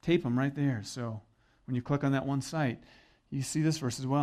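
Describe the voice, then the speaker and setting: A man's voice: medium pitch, normal speed, a little mellow. A middle-aged man preaching a sermon as pastor, conversational and earnest with joking asides.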